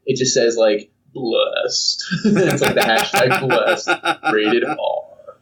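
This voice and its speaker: A young man co-hosts a casual podcast, taking it slowly with an animated, mid-range voice as he rambles through a story and acts out silly voices. A loud crowd is present, and the lo-fi mic sounds distant and dull.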